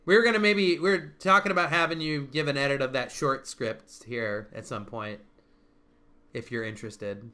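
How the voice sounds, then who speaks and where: A man's voice: mid-range voice, moderate pace, sharp tone. A man hosting a casual online chat, rambling with restarts and frequent laughter. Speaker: stream host.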